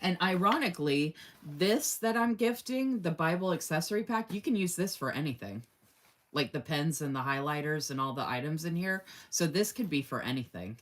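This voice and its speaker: A woman's voice: low voice, expressive, moderate pace. A woman hosting a casual live stream, chatty and effusive, laughing often and reading viewer comments aloud. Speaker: live-stream host running a giveaway.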